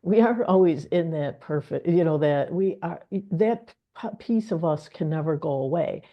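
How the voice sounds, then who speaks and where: A woman co-hosts a spiritual wealth course in a casual talk, telling animated stories, laughing often and acting out inner voices. She has a deep voice at a normal speed, and the recording sounds dull and lo-fi.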